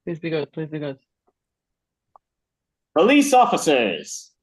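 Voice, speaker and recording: A man's voice: a little high, wildly swooping pitch, slow pace. A playful man runs an improv joke game and cheerfully praises his own punchlines. His voice swings up and down a lot. It sounds a bit echoey, as if in a bare room.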